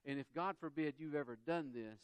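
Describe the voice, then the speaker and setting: A man's voice: a little high, fairly quick, clear, resonant tone, no room sound. A man with a Southern US accent preaching a sermon, acting out quotes and everyday dialogue as he goes. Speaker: pastor.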